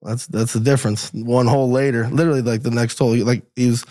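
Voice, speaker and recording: Man, podcast guest; mid-pitched, rambling, stop-start casual talk into a studio mic. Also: fairly even intonation, mellow. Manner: rambling, halting, repeats words. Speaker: podcast guest, golf caddy. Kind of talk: casual chat.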